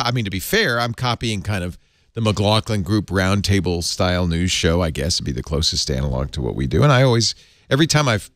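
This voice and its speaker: An older man hosting a casual panel chat, jokey and animated, often laughing. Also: on the low side, no echo, studio quality. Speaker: host.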